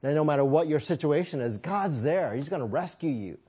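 A man's voice: a little high, animated, a little fast, dark tone, slightly rough. A man preaching a sermon, telling a personal story with self-deprecating humor and frequent chuckles.

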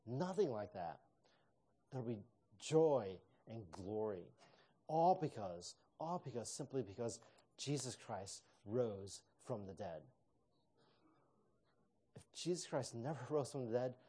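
A man preaching a sermon in a relaxed, conversational manner. His voice is mellow and dark, and he talks with casual fillers and restarts as he goes. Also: medium pitch. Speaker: pastor.

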